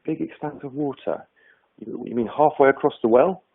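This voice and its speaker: A naive little male frog who has never left his well, asking one baffled question after another in a raised, bright voice, as a man tells the fable. The sound is thin and tinny, like a webinar heard over a phone line. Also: mid-range voice, wildly swooping pitch, fast talker, husky, pitched above the performer's own voice, exaggerated voice. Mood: puzzled. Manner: puzzled, questioning.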